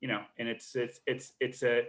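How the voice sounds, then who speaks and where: A man's voice: mid-range voice, little pitch movement, normal speed, a bit bright. Earnest man talking agent advice. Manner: earnest, repeats words while thinking. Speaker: literary agent. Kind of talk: live online Q&A.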